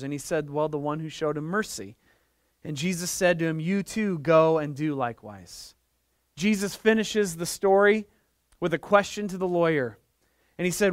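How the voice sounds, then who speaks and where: A man in middle age delivers a church sermon in a high, bright-edged voice. He moves between storytelling and fervent, emphatic preaching. The sound is dry and close, with no room echo. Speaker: pastor.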